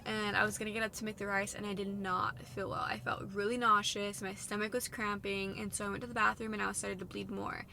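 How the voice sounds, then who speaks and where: A young woman in her twenties telling a personal story in a long, run-on way, full of "like", her voice going soft at hard moments. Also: mid-range voice, flat delivery, fairly quick, vocal fry, few pauses, a little hiss or hum. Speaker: vlogger sharing a personal story.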